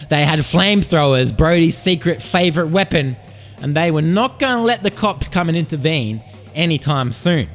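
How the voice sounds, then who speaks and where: A man hosting a podcast, telling a comic story in a rambling, profane, hyped-up way. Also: mid-range voice. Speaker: podcast host. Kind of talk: comedic storytelling monologue. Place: Sydney.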